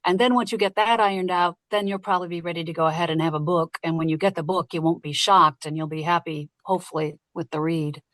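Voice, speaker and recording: A woman who narrates audiobooks, talking casually and lively in an interview and laughing easily. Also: on the low side, no echo. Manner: lively, chatty, quick to laugh.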